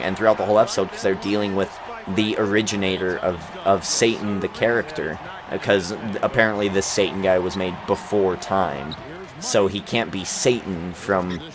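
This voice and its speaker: A young man hosting a gaming video, chatting casually and rambling with lots of fillers and restarts. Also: low-pitched. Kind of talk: casual chat over gameplay. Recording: crowd noise from the game behind. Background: basketball game crowd.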